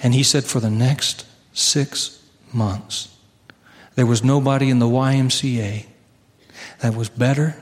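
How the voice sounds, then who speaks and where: A man preaching a sermon and telling a story, earnest, slowing down for key lines. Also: medium pitch, fairly even intonation, big-room sound.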